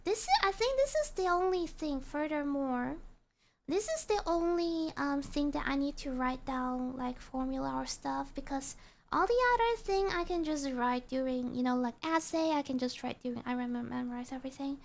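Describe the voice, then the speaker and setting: A young woman with a bright, high-pitched voice chats casually on a live stream. She thinks aloud and drops into quiet muttering as she jots notes. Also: animated, moderate pace, creaky. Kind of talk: casual chat.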